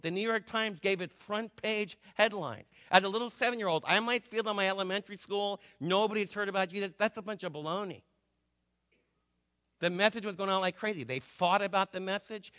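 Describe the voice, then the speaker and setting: Male pastor from New Jersey, chatty sermon delivery, bright voice, echoing hall. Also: sits high. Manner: conversational preaching with asides and rhetorical questions. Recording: long hall reverb.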